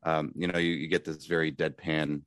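Very deep-voiced man, dry and close. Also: level tone, normal speed, fairly bright tone, no echo. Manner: thoughtful, hesitant, laughs easily. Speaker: magician, podcast guest. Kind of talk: casual interview chat.

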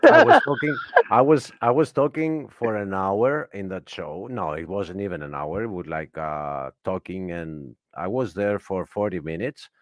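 A man with a low voice, recorded dry and close. He talks as a guest in casual chat, animated and mocking as he tells his story. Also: normal speed, few pauses, dry recording.

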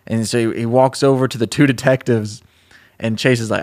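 Animated young man pitching a story. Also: fairly quick. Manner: animated storyteller, laughing at his own jokes. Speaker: podcast co-host. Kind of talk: casual chat, pitching a story.

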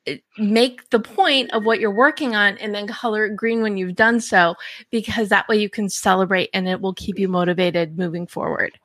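A woman's voice: mid-range voice, moderate pace, fairly bright tone, no echo. A woman hosting a podcast, talking enthusiastically in a casual conversation and often restarting her sentences. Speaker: podcast host.

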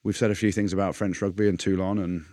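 A man co-hosting a podcast, telling animated stories in casual banter and acting out other people's voices. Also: low-pitched, fast talker, no room sound, studio quality. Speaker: podcast co-host.

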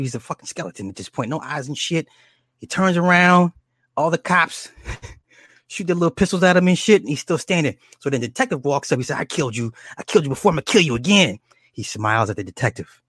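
Casual male storyteller, mid-pitched, profane and animated, dry close sound. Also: no room sound. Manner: animated and profane, with many restarts and acted quotes. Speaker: storyteller recounting a horror movie. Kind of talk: casual rambling plot retelling.

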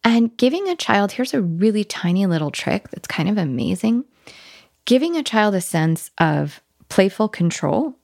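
Gravelly, animated woman giving parenting advice. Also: medium pitch, moderate pace, no room sound, studio quality. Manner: animated storytelling, acting out playful talk with children. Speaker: parenting guest expert. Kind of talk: casual advice conversation.

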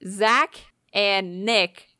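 Woman podcast co-host, mid-pitch, dry close mic, loose animated storyteller who swears a lot. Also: very slow, no echo. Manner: animated retelling, frequent swearing and fillers. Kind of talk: casual podcast chat, storytelling.

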